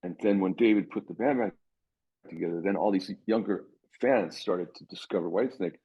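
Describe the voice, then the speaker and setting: A man's voice: low voice, brisk, slightly rough, dull audio. A middle-aged man, a guitarist being interviewed, telling stories in a rambling way with many restarts and acted-out quotes. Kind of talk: casual interview storytelling.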